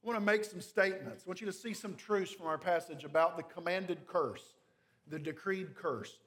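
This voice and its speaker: Guy preaching a sermon, high voice, punches key words, little wry jokes. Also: normal speed, a bit bright. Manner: emphatic, builds intensity on key phrases, wry asides. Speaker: pastor. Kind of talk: expository sermon.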